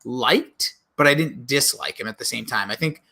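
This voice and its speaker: A man co-hosting a podcast, rambling and chatty in casual conversation, quick to laugh. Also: medium pitch, creaky, pushed and bright. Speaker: podcast co-host. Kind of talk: casual chat.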